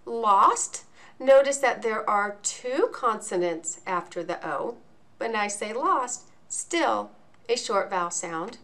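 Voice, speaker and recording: Slow, deliberate woman teaching phonics. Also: medium pitch, fairly bright tone. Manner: slow, deliberate, clearly enunciated. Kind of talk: instructional video lesson.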